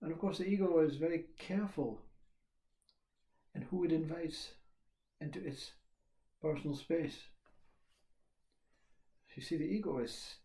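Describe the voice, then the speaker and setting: Guy giving a slow spiritual talk, kinda high mellow voice, echoey room. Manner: slow, reflective, with long pauses and repeated questions. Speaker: spiritual teacher.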